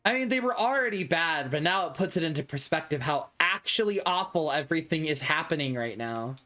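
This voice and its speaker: A man's voice: on the high side, animated, fairly quick, pushed and bright. Dramatic young man streaming a game. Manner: dramatic, whiny, self-mocking. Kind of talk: live gameplay commentary.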